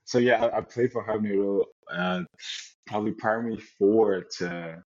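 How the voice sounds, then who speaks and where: A young man from Nigeria, a football player, telling his story in a relaxed interview chat with many restarts. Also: lowish voice, normal speed, no room sound. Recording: dull lo-fi sound.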